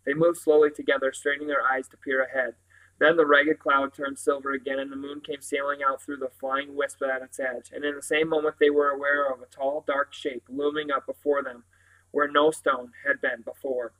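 A man reading a children's novel aloud in a steady manner, with occasional slips and restarts. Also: medium pitch, moderate pace, low-quality recording. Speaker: reader.

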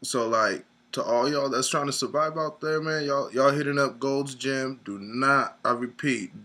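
A man's voice: medium pitch, steady tone, unhurried, sharp tone. A young man rambling in a mock-serious rant, whiny and near tears, tacking "man" onto every line. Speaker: comedic sketch performer.

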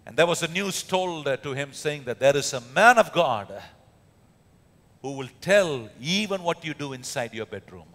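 A man's voice: a little high, animated, normal speed, a bit bright. A man with an Indian accent preaching a sermon as pastor, emphatic, with many fillers and rhetorical questions. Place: church hall. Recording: echoey church hall.

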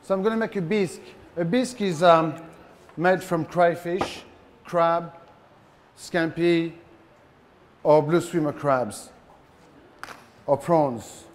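A man's voice: on the high side, takes it slowly, long pauses, a little hiss or hum. A man with a French accent giving a live cooking demonstration, playful and joking with his audience as he cooks. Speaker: chef. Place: live event in front of a large audience.

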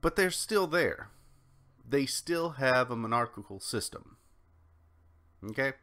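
A man's voice: mid-range voice, lively intonation, slow pace, pushed and bright. An American man hosting a solo political commentary podcast, talking in a rambling way with frequent restarts and ums. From United States. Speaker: podcast host.

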